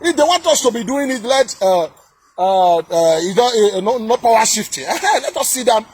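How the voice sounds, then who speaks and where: A man's voice: very high-pitched, big pitch swings, normal speed, a little mellow, a little hiss or hum. A man with a Nigerian accent in a heated political rant, scornful and repetitive, with many fillers and restarts. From southern Nigeria. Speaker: commentator reacting to a video.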